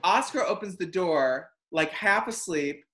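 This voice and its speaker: A man hosting a casual chat, telling a long travel story with lively acted-out quotes. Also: high-pitched, measured pace. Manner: animated, acts out quotes and voices. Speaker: host.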